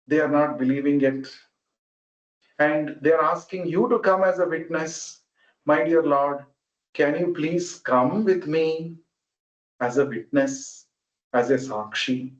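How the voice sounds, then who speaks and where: A man voicing an earnest young devout man who pleads with rising pitch. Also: slow, long pauses. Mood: pleading. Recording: roomy, muffled online call audio.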